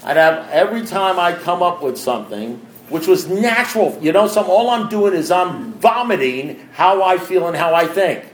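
A man with a fairly high voice talks plainly and bluntly to a recovery group, firing direct questions at the room. The sound is echoey and carries faint background noise. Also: animated, moderate pace, few pauses. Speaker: speaker sharing at a recovery group meeting. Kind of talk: informal talk to a group.

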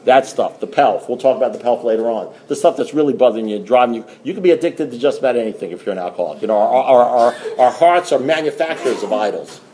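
A man's voice: medium pitch, lively intonation, fast, few pauses, mellow, echoey room. A middle-aged man speaking to a recovery meeting, telling a story in a rambling way with restarts and wry asides. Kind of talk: storytelling talk to a group.

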